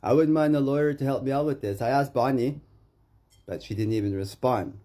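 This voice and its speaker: A man's voice: medium pitch, brisk, warm tone. A Canadian man delivering an agitated, profane rant to the camera, accusing someone and repeating his name.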